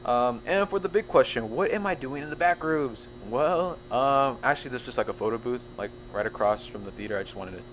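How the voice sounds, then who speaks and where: A young man narrating a storytime video in an excitable, jumpy way, full of quick asides. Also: mid-range voice, a little hiss or hum. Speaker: storytime YouTuber.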